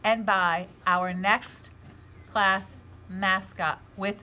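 A woman voicing a brisk female schoolteacher addressing her class in a read-aloud storybook. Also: mid-range voice, fairly even intonation, sharp tone, a little hiss or hum. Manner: announcing to a class.

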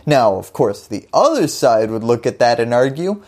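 Low-voiced wry woman explaining politics. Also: very animated, normal speed, few pauses, a little mellow, breathy edge. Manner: wry, jokey asides. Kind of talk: scripted explainer narration.

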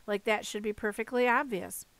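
A woman voicing a touchy, jittery young satyr boy, half goat, with a high nervous edge in an audiobook reading. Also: fairly even intonation, normal speed, fairly bright tone, no echo, lightly acted. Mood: indignant. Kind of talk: audiobook character voice.

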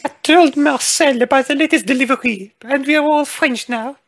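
A woman putting on a shrill fussy French-ish lady. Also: moderate pace. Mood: flustered. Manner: high strained put-on voice breaking into laughter.

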